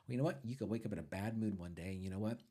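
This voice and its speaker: An older man with a fairly low voice talks through ideas in an unhurried, reflective way. He circles back on his words as he thinks, leaning on "you know" and small restarts. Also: warm tone, breathy edge. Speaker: podcast co-host, father. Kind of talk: casual conversation.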